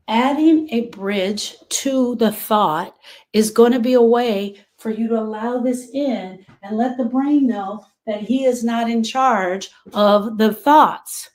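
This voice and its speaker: A woman's voice: fairly high pitch, slow, darkish tone, rough recording. A woman grief coach talking listeners through coping tools, repeating key phrases for emphasis. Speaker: grief coach and podcast host. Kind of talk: coaching talk to camera.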